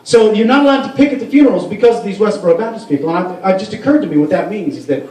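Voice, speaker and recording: A man's voice: sits high, animated, racing, mellow. A man doing a stand-up comedy set in a club, rambling and profane with many restarts. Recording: roomy room sound from a far mic.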